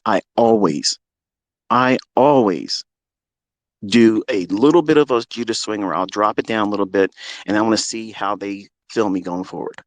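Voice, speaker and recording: A man hosting a live audio stream, delivering a heated, profane and boastful rant that swings between loud outbursts and low muttering. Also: no echo. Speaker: trading educator and Twitter Space host.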